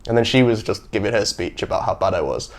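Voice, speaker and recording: A young man hosting a podcast, telling stories in a casual, animated way and acting out the people he quotes. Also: fairly low pitch, fast. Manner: animated storyteller who acts out quotes. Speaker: podcast host. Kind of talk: casual chat.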